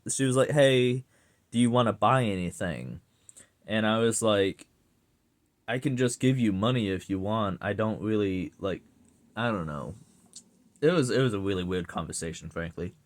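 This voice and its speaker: Profane exasperated young man ranting. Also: fairly low pitch. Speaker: vlogger ranting. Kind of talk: casual rant to camera.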